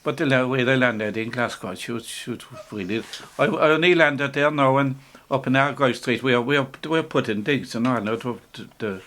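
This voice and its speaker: An older man with an Irish accent, reminiscing in a relaxed, rambling way, often stopping to restart and chuckling as he talks. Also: medium pitch, fairly quick. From Ireland. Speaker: interviewee. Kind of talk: casual reminiscing.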